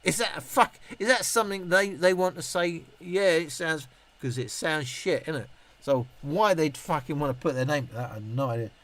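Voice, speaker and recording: A man's voice: fairly high pitch, lively intonation, moderate pace, a bit bright. A tipsy middle-aged man, rambling, swearing and laughing as he answers viewer comments on a live stream. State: tipsy from drinking. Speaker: YouTube reviewer on a live stream.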